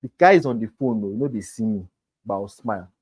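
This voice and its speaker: A man's voice: fairly low pitch, fast talker, a little mellow, breathy edge. A man teaching a sales class, emphatic and talking straight to his students. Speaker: real estate sales trainer. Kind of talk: motivational class lecture.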